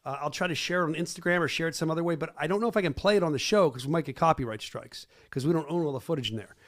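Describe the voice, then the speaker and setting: A man's voice: a little high, very fast. A middle-aged man hosting a podcast, brash and joking as he talks over video clips. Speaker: podcast host. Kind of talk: casual podcast chat.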